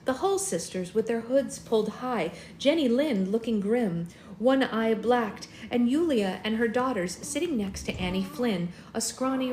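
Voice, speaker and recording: A young woman hosting a readalong, reading a novel aloud in a steady, expressive way. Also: on the high side, roomy sound, a little hiss or hum. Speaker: readalong host.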